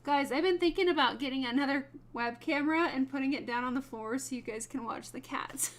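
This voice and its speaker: A woman's voice: sits high, a little fast. A woman hosting a wood burning livestream, chatting casually with viewers by name and laughing often while she works.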